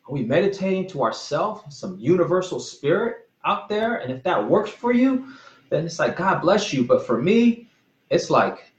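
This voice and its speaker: A man's voice: mid-range voice, echoey room, highs cut off. A man giving an informal, earnest sermon, rambling with restarts and apologies as he talks about faith and protection. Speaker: pastor.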